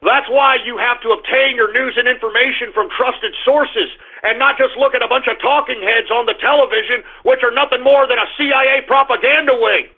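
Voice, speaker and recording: Older male talk radio host, high-pitched, fiery and repetitive, with tinny phone-quality sound. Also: fairly even intonation, fairly quick, few pauses. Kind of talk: political talk radio monologue.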